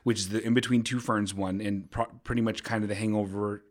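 A man's voice: on the low side, brisk. A man hosting a casual comedic podcast, rambling and joking as he stumbles through his own sentences. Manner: rambling, animated, self-interrupting with jokey bits. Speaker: podcast host.

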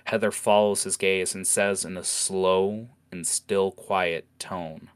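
A man narrating a fantasy tavern scene in a relaxed way, with fillers. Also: deep voice, slow pace, few pauses, clear, resonant tone. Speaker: storyteller.

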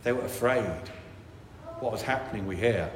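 The speaker is a priest preaching a sermon, his voice on the low side and his speed normal. He is animated, acting out worried inner thoughts, and the echoey church adds long reverb along with slight background noise.

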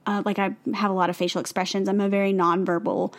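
A woman's voice: medium pitch, little pitch movement, fast talker. Earnest woman chatting with many "like"s. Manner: earnest, heavy use of "like" fillers. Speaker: podcast co-host. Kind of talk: casual chat.

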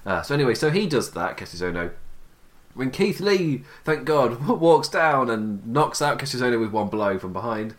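A man giving a casual, chatty recap of a wrestling show, with frequent laughs and quick asides. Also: mid-range voice, very animated.

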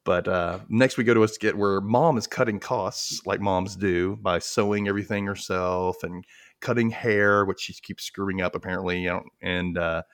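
A man's voice: low voice, normal speed, smooth. A man hosting a podcast, recapping a sketch show in casual chat, acting out bits and laughing often. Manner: animated storytelling, acting out lines, frequent laughter. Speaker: podcast host.

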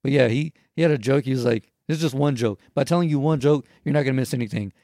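A man's voice: medium pitch, fast talker, warm tone, no echo, clean studio sound. A man hosting a podcast in casual chat, swearing a lot and laughing often. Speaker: podcast host.

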